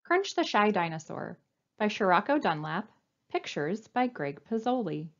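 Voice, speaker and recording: A woman librarian reading a picture book aloud to young children, with an animated, coaxing sing-song delivery. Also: mid-range voice, measured pace, highs cut off. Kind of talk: storytime read-aloud.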